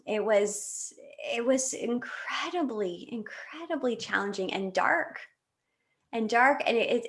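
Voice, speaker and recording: A woman in her late thirties from Canada, telling a personal story in a casual interview with many fillers and restarts. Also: medium pitch. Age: 30s. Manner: animated, emotional, lots of fillers and restarts. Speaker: podcast guest.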